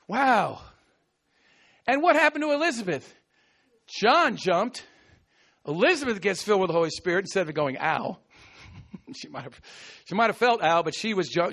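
Very high-pitched man delivering a lively, playful sermon with shouted acted-out lines. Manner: playful, acts out scripture quotes with shouts and laughs. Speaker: preacher. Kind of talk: animated sermon.

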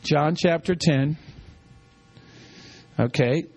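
A man's voice: on the high side, drawn-out words, a little mellow, muffled recording. A man preaching a sermon, teaching with call-and-response and repeating key lines for the congregation. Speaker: pastor.

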